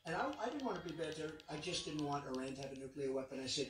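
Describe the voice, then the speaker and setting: Rally speaker, man, fairly high voice, repetitive and emphatic, heard from a distance in a big arena. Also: lively intonation, very fast, hardly any pauses, a bit bright, slight background noise. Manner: repetitive, emphatic, rambling asides. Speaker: political candidate. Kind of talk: campaign rally speech. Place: large indoor arena. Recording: echoey arena, distant mic.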